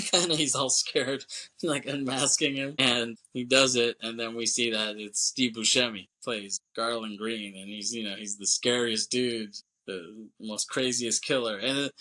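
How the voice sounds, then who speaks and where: A man's voice: mid-range voice, bright, forceful tone. A man hosting a podcast, casually retelling a film scene by scene, acting out the characters' lines and laughing often. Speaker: podcast host. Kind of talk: casual movie recap.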